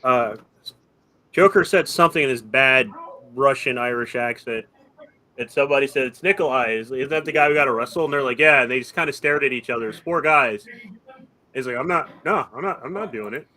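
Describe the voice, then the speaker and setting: A man on a casual stream panel, telling anecdotes in a relaxed, dry way. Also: mid-range voice, brisk.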